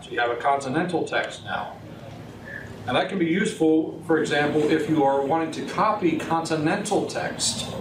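A man teaching software at a workshop, talking in a relaxed, halting way with many fillers and restarts. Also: mid-range voice. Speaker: software instructor. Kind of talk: recorded workshop tutorial. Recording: roomy, distant, noisy workshop recording.

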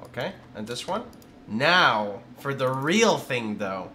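Excitable male game streamer, lively swooping delivery, yells commands, swears freely. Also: mid-range voice, slow, slight background noise. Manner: excitable, yelling out moves, swearing and laughing. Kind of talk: live gameplay commentary. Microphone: studio condenser microphone.

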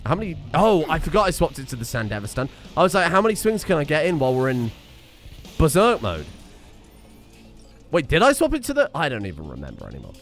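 A man's voice: a little high, huge pitch swings, racing, hardly any pauses, faint music behind. A man streaming a video game, rambling and self-mocking, swearing casually as he goes. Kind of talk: casual gameplay commentary.

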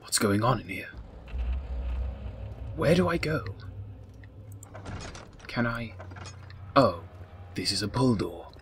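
A man's voice: fairly low pitch, a bit bright, slight background noise. A man giving comedic let's play commentary in a mock-formal narrating manner, with whispered asides. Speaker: gaming YouTuber.

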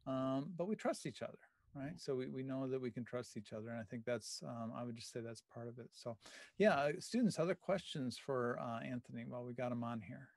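A man teaching a class over a video call, earnest and loose, with lots of ums and you-knows. His voice is mid-pitched and the sound is dry and close. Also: brisk, dry recording. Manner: earnest, with many fillers.

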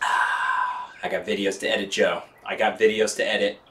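A man's voice: fairly low pitch, level tone, moderate pace, pushed and bright, slight background noise. A man hosting a casual live stream while working on his bike, rambling and swearing casually as he reads chat aloud.

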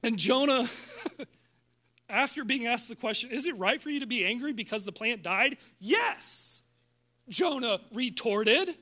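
Man, pastor, high voice, lively joking sermon, church service. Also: normal speed. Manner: animated, jokey, acts out Bible voices with laughs.

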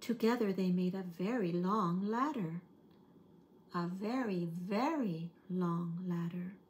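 A woman working as an early-years storyteller, reading a picture book aloud in a gentle, expressive way. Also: fairly low pitch, slow pace, slight background noise.

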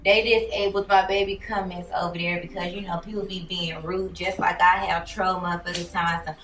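A woman's voice: on the low side, little pitch movement, brisk, hardly any pauses, fairly bright tone, a little hiss or hum. A woman chatting casually to her followers in a sassy, chatty way, calling them honey. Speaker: vlogger. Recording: roomy, from a distance.

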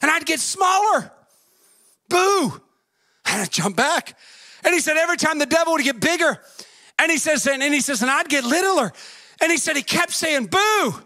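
A man preaching a fervent sermon, swinging between shouts and a singsong cadence and acting out the voices in his stories. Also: very high-pitched, expressive, brisk, no echo. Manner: acts out story voices, folksy grammar.

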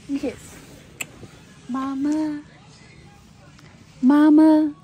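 Mom gently coaxing her son, high bouncy voice, super slow. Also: lively intonation, a little hiss or hum. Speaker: mother. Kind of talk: baby talk with her son. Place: hospital room.

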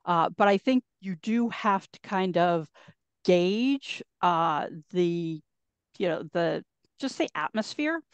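A woman's voice: on the low side, lively intonation, takes it slowly, smooth, dry recording. An American woman on a panel, giving advice in a conversational way with lots of fillers. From United States. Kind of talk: casual discussion.

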